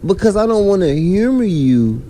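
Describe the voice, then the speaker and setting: A man's voice: high voice, normal speed, a little hiss or hum. A man hosting a podcast, ranting in casual chat full of slang. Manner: animated, ranting, heavy slang. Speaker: podcast host.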